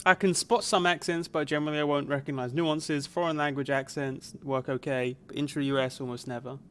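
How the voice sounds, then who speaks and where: A man's voice: a little high, steady tone, fairly quick, a bit bright, clean tone, soft background music. A young man from Canada, live streaming a video game and musing aloud in a casual, rambling way. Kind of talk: casual chat while playing a video game.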